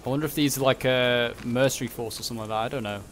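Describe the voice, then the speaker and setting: A young man giving casual commentary on a strategy game, thinking aloud and muttering quick reactions. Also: medium pitch, fairly even intonation, a bit bright, slight background noise. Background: background music.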